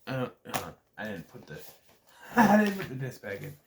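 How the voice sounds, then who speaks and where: A man's voice: on the low side, wildly swooping pitch, normal speed, gravelly, background noise. A man casually reviewing a movie for his vlog, rambling with many restarts and acting out scenes. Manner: rambling, hesitant, many restarts and acted-out quotes.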